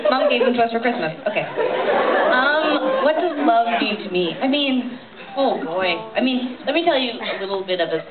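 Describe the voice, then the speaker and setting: Brief: young adult woman, rambling comic storyteller on stage, tinny audience tape with a loud crowd. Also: fairly high pitch, expressive, moderate pace, echoey room. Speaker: musician answering audience questions. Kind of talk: casual on-stage chat. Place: large cinema, indoors.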